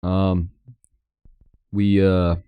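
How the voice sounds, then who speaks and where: A man's voice: low voice, flat delivery, drawn-out words, clean tone, no echo, muffled recording. A man playing a tabletop game, talking in a loose, joking, slangy way. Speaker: player. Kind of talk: casual tabletop play.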